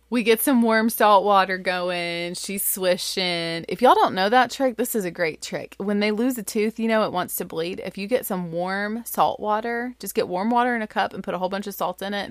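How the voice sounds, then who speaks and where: A woman in her thirties, a mother, telling a family story in an animated, chatty way with lots of fillers. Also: medium pitch, no room sound. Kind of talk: casual storytelling.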